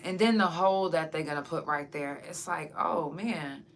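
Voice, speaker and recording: A woman's voice: low-pitched, measured pace, fairly bright tone. A woman podcast host and singer, chatting frankly and casually with her audience, swearing freely. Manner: talks straight to her audience. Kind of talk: casual chat to camera.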